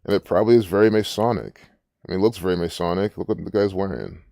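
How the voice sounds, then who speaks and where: A man's voice: low-pitched, quick pace, creaky, mellow, no room sound, clean studio sound. A man hosting his own channel, giving rambling, profane and indignant commentary while reading from a screen. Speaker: channel host.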